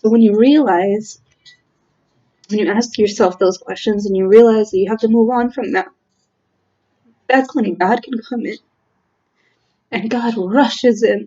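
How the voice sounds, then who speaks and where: A woman's voice: a little high, measured pace, pauses often, dark tone, muffled recording. A woman giving a casual, heartfelt tarot reading, earnest and emotional, talking with many fillers and restarts. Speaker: tarot reader.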